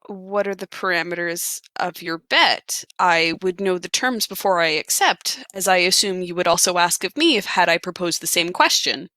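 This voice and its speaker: A woman's voice: on the low side, moderate pace, hardly any pauses, pushed and bright, no echo. A woman voicing a formal, earnest male cleric who speaks in stiff, old-fashioned phrases.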